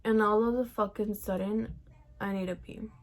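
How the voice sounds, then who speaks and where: Young woman vlogger, gravelly fry, chatty swearing storytime, mid-pitched. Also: steady tone, moderate pace. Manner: chatty, profane, heavy use of "like". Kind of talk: casual storytime vlog.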